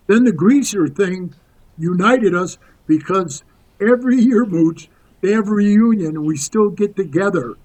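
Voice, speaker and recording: A man's voice: sits high, measured pace, darkish tone, poor audio. A man in his sixties telling rambling, tough-talking stories as a podcast guest, calling the host "bro.". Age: 60s. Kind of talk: casual storytelling interview.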